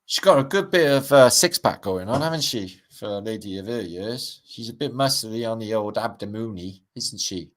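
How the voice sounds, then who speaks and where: A man's voice: on the low side, animated, moderate pace, hardly any pauses. A middle-aged Welsh man hosting a livestream, rambling casually over pictures with wry asides and casual swearing. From Wales. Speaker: livestream host.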